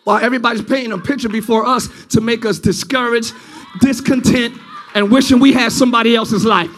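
A pastor preaching a sermon to his church, moving between loud, drawn-out shouted lines and quiet, close, conversational stretches. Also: very high voice, steady tone, faint music behind. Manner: preaching, swings from shouting to quiet intimate talk.

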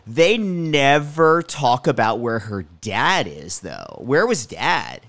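A man's voice: medium pitch, huge pitch swings, takes it slowly, fairly bright tone, no echo. Blunt, exasperated podcast man. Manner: blunt, exasperated, swears freely. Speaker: podcast co-host. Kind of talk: casual movie-review chat.

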